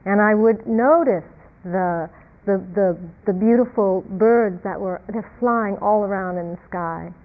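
A woman meditation teacher giving a reflective dharma talk, halting and repeating words, with soft laughs. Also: mid-range voice. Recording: tinny phone-like lo-fi sound.

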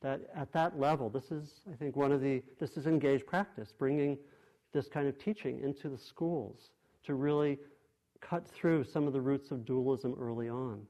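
A man giving a dharma talk in a meditation hall, speaking at a middle pitch. He talks thoughtfully and gently, often pausing and restarting his phrases as he reaches for the right words. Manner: thoughtful, many restarts and pauses. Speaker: meditation teacher.

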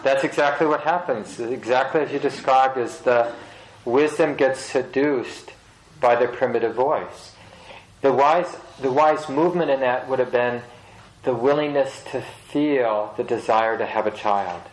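A man teaching meditation to a group, reflective and gentle, with pauses and restarts. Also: mid-range voice. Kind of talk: dharma talk. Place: meditation center hall. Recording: roomy hall.

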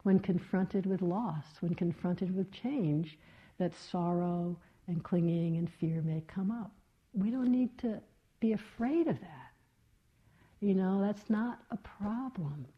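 Woman meditation teacher, reflective dharma talk, lowish voice, slightly dull recording. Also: takes it slowly. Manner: gentle, reflective, with many soft fillers.

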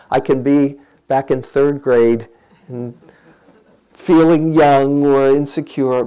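An older man giving a gentle, reflective dharma talk as a meditation teacher and guiding listeners through a practice. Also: medium pitch.

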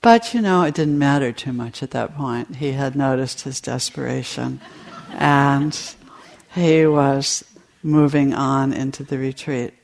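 A woman meditation teacher giving a dharma talk to retreat participants, in a slow, storytelling delivery. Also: rumbling low, gravelly, a little mellow.

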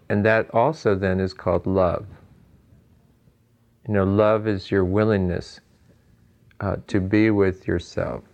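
A man teaching meditation in an informal dharma talk. He muses aloud, chuckles between points, and fills his pauses with "you know.". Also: sits low, a little mellow.

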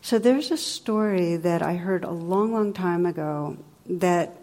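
A middle-aged woman giving a dharma talk as a meditation teacher, telling stories in a gentle, conversational way. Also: on the low side, unhurried. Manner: gentle, conversational storytelling with playful sound effects.

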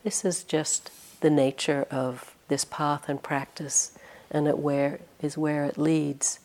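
A middle-aged woman meditation teacher giving a gentle, reflective dharma talk on retreat. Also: deep voice, level tone, slow pace.

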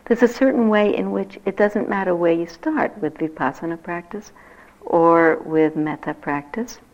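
Older woman meditation teacher, fairly low voice, gentle reflective delivery, dull lo-fi recording. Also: normal speed. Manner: gentle reflective teaching, lively when telling stories. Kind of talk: dharma talk.

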